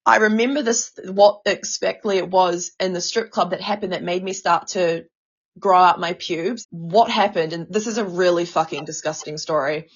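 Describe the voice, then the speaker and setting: A woman's voice: fairly low pitch, steady tone, moderate pace, lo-fi sound. A woman co-hosting a casual podcast, talking with feeling, stammering and swearing a lot. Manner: emotional, stammering, swears often. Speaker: podcast co-host.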